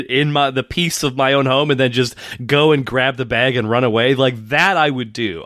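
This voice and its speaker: A man's voice: medium pitch, fairly bright tone, dry recording. Casual man co-host, stuffed-up voice, dry close mic. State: congested. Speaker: podcast co-host. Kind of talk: casual chat.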